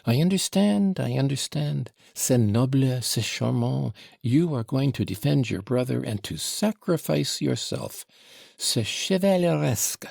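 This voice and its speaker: Reading an audiobook, a man voices a devil posing as a down-at-heel gentleman, fawning and mocking by turns. He raises his pitch higher than his natural voice and adds a husky, gravelly rasp, moving from sly politeness to little French touches. The intonation is lively, the pace a little slow, and the heavily acted performance is captured dry and up close.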